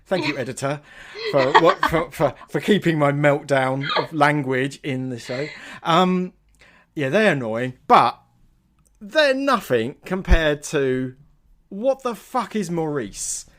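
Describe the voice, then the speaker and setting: A man talking as a podcast guest in casual chat, animated, laughing and tripping over his words. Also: a little high, takes it slowly.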